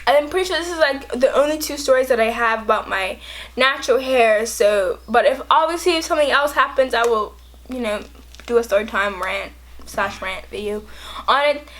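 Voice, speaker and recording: A young woman with a high voice tells a story from her own life. She talks in an animated, emotional way and uses lots of fillers. It has the loose feel of a story time vlog. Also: moderate pace. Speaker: vlogger.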